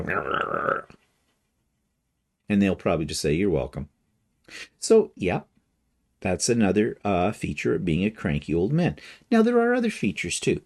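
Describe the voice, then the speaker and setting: Older guy ranting for laughs on his vlog, low voice, bouncy delivery. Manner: wry, joking rant with lively emphasis. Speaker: quilting vlogger. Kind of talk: casual humorous monologue.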